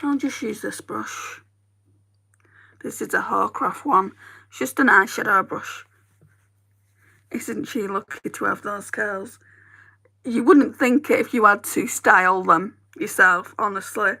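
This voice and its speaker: Northern English beauty vlogger, chatty and rambling, crisp tone with a gravelly edge. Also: female voice, mid-range voice, unhurried, pauses often, pushed and bright. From northern England. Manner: chatty, rambling, talks to viewers. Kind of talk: casual chat while doing makeup.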